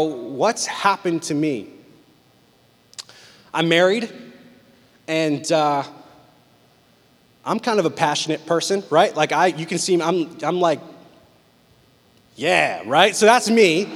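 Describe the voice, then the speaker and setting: Young male pastor, passionate storyteller with a raised pitch, preaching in a big reverberant hall. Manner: animated, intense storytelling with big swings from loud to hushed. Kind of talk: sermon with personal stories.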